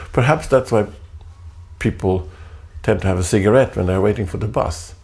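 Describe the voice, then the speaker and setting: Slow, gravelly man musing aloud. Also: on the low side. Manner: deliberate, halting, repeats phrases, soft laughs. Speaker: artist performing a spoken text. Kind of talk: slow reflective spoken essay. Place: home.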